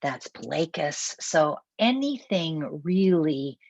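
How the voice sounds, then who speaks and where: A woman with a Minnesotan accent presents in a very low, gravelly voice with a husky edge. She talks conversationally, thinking aloud with small restarts, and the sound is dry and close. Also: very animated, takes it slowly, a little mellow, no room sound, dull audio. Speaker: roundtable facilitator. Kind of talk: webinar presentation.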